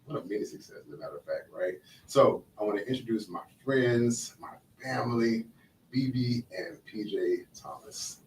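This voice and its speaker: A man's voice: medium pitch, moderate pace, a little mellow. A man hosting a podcast in casual chat, slangy and checking in with "right?" as he talks. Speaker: podcast host. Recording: echoey room, mic at a distance, faint noise.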